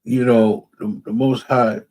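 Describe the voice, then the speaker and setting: A man's voice: mid-range voice, flat delivery, unhurried, darkish tone. A man preaching to a class, reading out scripture and repeating phrases for emphasis, often asking if listeners understand. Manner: reads out scripture verses. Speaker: religious class teacher.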